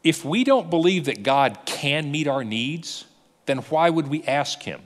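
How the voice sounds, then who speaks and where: A man's voice: fairly high pitch, unhurried, big-room sound. A male pastor preaching a sermon, retelling stories and throwing rhetorical questions to his congregation. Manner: animated storytelling with rhetorical questions.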